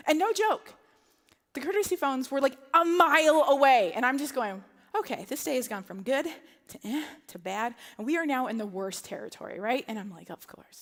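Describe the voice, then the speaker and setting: A woman preaching, telling a personal story in an animated way and acting out her own lines and other people's lines in a church setting. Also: sits high. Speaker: pastor. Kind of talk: sermon storytelling. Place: church auditorium. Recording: long hall reverb.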